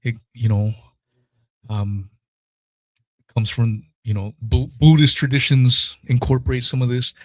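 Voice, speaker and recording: A man's voice: mid-range voice, flat delivery, measured pace, long pauses, dry recording. Emotional, cursing man podcasting solo. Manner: raw, emotional, swears freely. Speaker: podcast host. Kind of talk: solo podcast talk, live stream.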